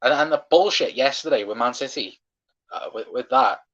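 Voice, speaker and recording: A man's voice: mid-range voice, moderate pace, a bit bright. A man hosting a live football watchalong, passionately ranting and swearing at referee decisions, on a dull lo-fi stream mic. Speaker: fan watchalong host.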